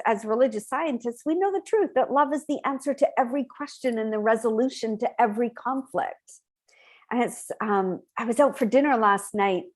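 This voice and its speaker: A woman's voice: on the high side, darkish tone. A woman minister giving a sermon, heartfelt and emotional, often restarting her sentences. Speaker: spiritual minister.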